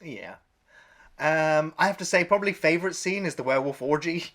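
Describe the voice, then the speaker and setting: A man co-hosting a film review podcast, telling behind-the-scenes stories in relaxed, casual chat. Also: fairly high pitch, fairly quick. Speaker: podcast co-host.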